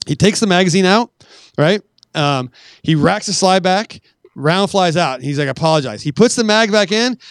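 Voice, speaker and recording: A profane, animated middle-aged storyteller. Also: male voice, sits high, moderate pace, no room sound. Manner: profane, animated anecdote-telling that acts out quoted dialogue. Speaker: podcast guest. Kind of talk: casual storytelling.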